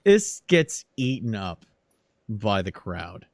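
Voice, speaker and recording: A man narrating a tabletop game as game master, in a casual, unhurried storytelling manner. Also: lowish voice, sing-song, dry recording, clean studio sound.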